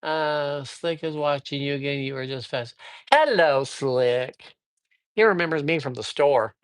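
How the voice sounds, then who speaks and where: Over a livestream microphone, a male psychic does a card reading, greeting viewers by name in an upbeat, chatty way while rambling with plenty of fillers. His voice is fairly high, measured, and clean, with no echo.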